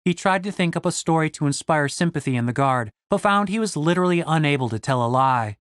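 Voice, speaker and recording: A man narrating an audiobook in a wry, expressive way. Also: on the high side, fast, dry recording, studio quality.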